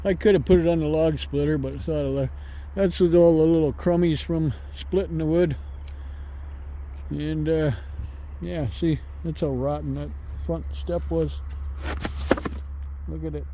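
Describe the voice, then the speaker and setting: An older man talks in a rambling, homespun way, his voice very dark and mellow yet pitched a little high. Faint noise hums behind him outdoors. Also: steady tone, measured pace, pauses often, poor audio. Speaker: vlogger. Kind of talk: casual vlog chat.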